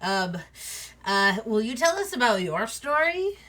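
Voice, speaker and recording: A woman's voice: fairly high pitch, very animated, measured pace, a bit bright. A woman game master narrating a tabletop game in a bubbly, hesitant way. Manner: bubbly, hesitant with many fillers.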